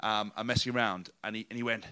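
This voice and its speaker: A man's voice: fairly low pitch, fast, clean tone. A man from England in casual chat, telling stories animatedly and acting out quotes. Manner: animated storyteller, acts out quotes loudly.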